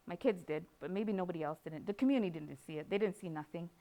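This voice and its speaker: A woman's voice: lowish voice, quick pace, dark tone. A woman from Canada giving an emotional personal testimony, speaking rawly with repeated phrases. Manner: raw, emotional, repetitive phrasing. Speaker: speaker sharing her recovery story.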